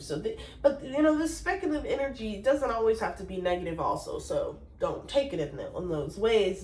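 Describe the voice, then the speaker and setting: A woman's voice: lowish voice, roomy sound, distant mic, slight background noise, poor audio. A woman giving a casual spiritual tarot reading in a chatty, rambling way, now and then breaking into sung exclamations. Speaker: tarot reader.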